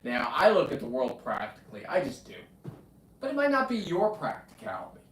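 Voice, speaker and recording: A man's voice: a little high, wildly swooping pitch, fairly quick, a bit bright, distant mic. Brash, profane man on a livestream. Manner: brash, profane, talks to his dog. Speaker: livestream host. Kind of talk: rambling livestream chat. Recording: echoey room, off-mic.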